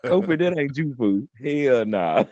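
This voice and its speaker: A man's voice: mid-range voice, big pitch swings, a little slow, darkish tone, dry recording. A man in casual, profane banter, laughing often and hyping up a friend. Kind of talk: casual chat. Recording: dull, lo-fi sound.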